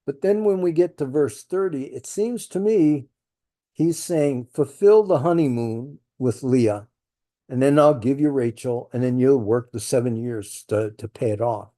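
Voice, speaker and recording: A man's voice: a little high, dark tone. A man teaching a verse-by-verse Bible study, thinking aloud with rhetorical questions and folksy asides.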